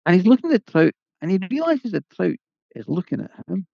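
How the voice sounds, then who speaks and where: A man's voice: high-pitched, big pitch swings, fast, creaky, dry recording. A man telling a folk tale in a lilting, conversational way with folksy asides. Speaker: storyteller. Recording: dull lo-fi, dry.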